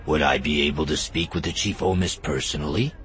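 A man doing a blunt alien cop for an audiobook, pitched right down into a rumbling bass. He drags out each line slowly and flatly, treating everyone as a suspect. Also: a little hiss or hum. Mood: suspicious, blunt. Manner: slow, flat, accusing delivery. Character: suspicious blunt male alien detective.

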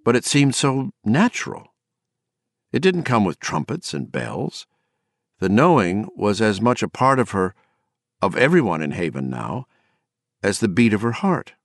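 A man reading a novel aloud as an audiobook narrator, measured and dramatic in his storytelling. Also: fairly low pitch, sing-song, dry recording, clean studio sound.

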